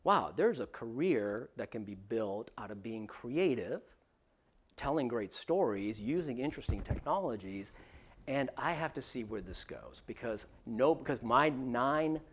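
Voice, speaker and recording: A man's voice: medium pitch, lively intonation, measured pace, breathy edge. A man as guest speaker at a workshop, telling a story in a casual way with many fillers and acted-out quoted dialogue.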